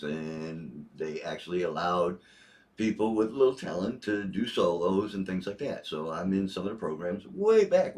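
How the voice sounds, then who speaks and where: Deep-voiced older man chatting casually. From Northeast Ohio. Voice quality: deep bass voice. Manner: rambling, easygoing storyteller. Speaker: guest on a livestream reading viewer messages. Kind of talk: casual livestream chat.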